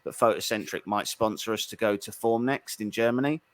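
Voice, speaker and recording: A man co-hosting a casual live-stream chat, an animated storyteller who restarts his sentences often. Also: on the low side, brisk.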